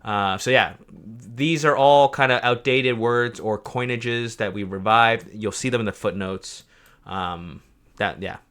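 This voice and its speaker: A young man with a fairly low voice and a bright, forceful tone, explaining his project on a livestream. He rambles, stumbles over words and corrects himself as he goes, filling gaps with ums and likes. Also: measured pace. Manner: rambling, many fillers and self-corrections. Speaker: project co-creator presenting a map. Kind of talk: livestream chat explaining a map.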